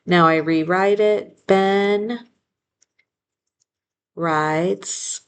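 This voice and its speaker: Lady teacher sounding out spelling words real slow, a bit of gravel in her voice. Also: medium pitch, fairly even intonation. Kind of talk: spelling lesson dictation.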